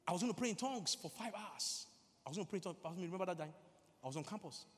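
A preacher with a notably high voice delivers a sermon in a big hall, where a long reverb trails each phrase. He swings between quiet, intimate urging and loud, climbing outbursts, and drops into whispered prayer in tongues. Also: lively intonation, very fast. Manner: mimics stammering, prays in tongues.

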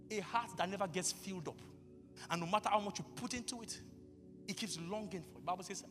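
A pastor preaching a sermon, bursting into shouts and acting out conversations with God. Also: male voice, high-pitched, big-room sound. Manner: acts out dialogues with God.

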